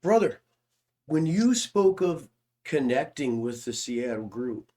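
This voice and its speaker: A man hosting a podcast interview, talking in a reflective, halting way with small restarts. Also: medium pitch, sing-song, darkish tone. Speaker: podcast host. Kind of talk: casual interview chat.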